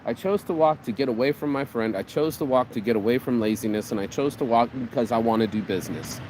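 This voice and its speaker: A man hosting his own vlog, giving a casual motivational rant in an animated, profane, rambling way, speaking outdoors on a city street. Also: mid-range voice, quick pace. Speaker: vlog host. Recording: outdoor street with passing traffic.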